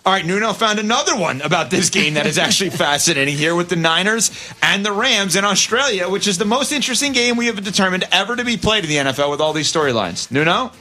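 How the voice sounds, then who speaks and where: A man's voice: sits high, soft background music. A man hosting a sports talk radio show, bantering and laughing with his co-hosts. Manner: lively, quick to laugh.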